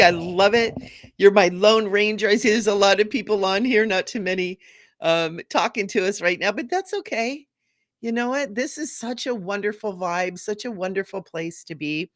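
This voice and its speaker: A woman's voice: medium pitch, no room sound, studio quality. Bubbly woman hosting a spiritual livestream. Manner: bubbly, laughs often, repeats phrases warmly. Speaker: spiritual talk show host. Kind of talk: casual livestream chat.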